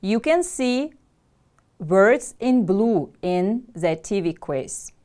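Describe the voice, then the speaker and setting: Woman, teacher, slow unhurried delivery, careful drilled pronunciation, classroom instruction. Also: mid-range voice, sing-song, a little mellow. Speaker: English language teacher.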